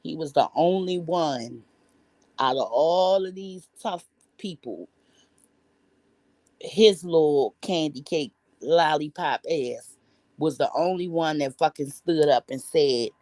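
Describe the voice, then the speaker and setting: With a mellow voice that sits low, a woman vlogger tells a story at a slow pace, with no room sound. She swears, talks bluntly and slangily, and rambles through restarts and asides.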